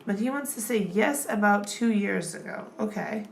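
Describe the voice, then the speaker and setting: A woman with a gravelly, medium-pitched voice tutors grammar a little slowly but in an animated way, moving step by step as in a classroom. Patient throughout, she often checks in with "okay?" and "right?".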